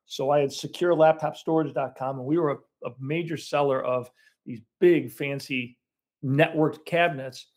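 A man's voice: a little high, fairly even intonation, moderate pace. A man, a business owner, telling his story in a casual interview with many restarts and fillers. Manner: rambling, self-correcting storyteller.

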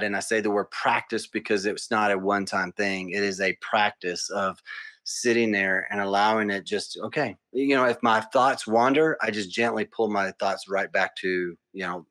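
A man speaking as a podcast guest, calm and meditative, talking through vivid everyday examples. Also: on the low side, moderate pace. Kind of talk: casual conversation.

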